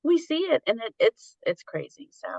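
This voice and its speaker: A woman's voice: sits high, big pitch swings, moderate pace, vocal fry, a little mellow, no room sound, highs cut off. Woman guest telling stories, dry sound. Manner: storytelling, laughs easily. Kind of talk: casual conversation.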